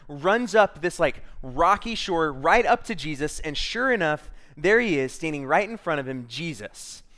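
Young male preacher, mid-pitched, dramatic storyteller who acts out voices; suits a sermon retelling. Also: fairly bright tone.

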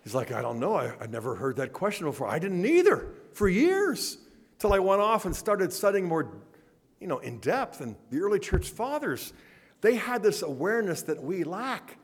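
An animated man telling a story in a lecture, slipping into both voices of a conversation. His voice sits a little high and swings widely in pitch. The sound rings with a long reverb in a large hall. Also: moderate pace, slightly rough.

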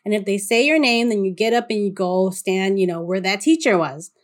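A woman's voice: medium pitch, fairly quick. A woman on a discussion panel sharing a childhood memory in a casual, chatty way. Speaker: panel guest. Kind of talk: conversational storytelling.

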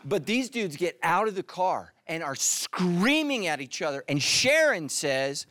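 A middle-aged male pastor from California giving a sermon, full of jokes and stories, who drops to a hushed voice for emphasis. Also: high-pitched, big pitch swings, unhurried, hardly any pauses. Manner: humorous storytelling, drops to hushed tones for emphasis.

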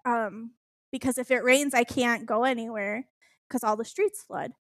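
A young woman telling a personal story in casual chat, animated and laughing, swearing as she goes. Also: on the high side, moderate pace, no echo, studio quality.

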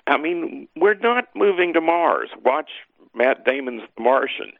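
Gravelly animated man on a thin line. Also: measured pace, no room sound, narrow, tinny audio. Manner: animated, emphatic, jumps up in pitch for emphasis. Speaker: guest scholar. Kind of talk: lively teaching talk.

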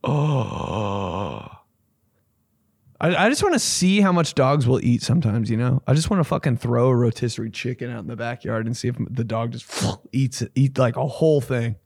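A man's voice: brisk, hardly any pauses, darkish tone, no echo, studio quality. A young man hosting a comedy podcast, telling a rambling, profane story and jumping into silly voices. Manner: profane, rambling, acts out voices with big pitch jumps.

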